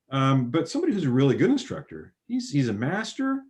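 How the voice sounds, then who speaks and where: A man talking as a guest on a podcast, expressive and acting out what others say. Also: fairly high pitch, fast talker. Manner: expressive, acting out quoted speech. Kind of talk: casual conversation.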